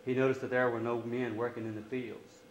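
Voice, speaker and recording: A man reading a storybook aloud to a class, steady and expressive, lifting his voice for quoted lines. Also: medium pitch, brisk, reverberant, dull audio, slight background noise.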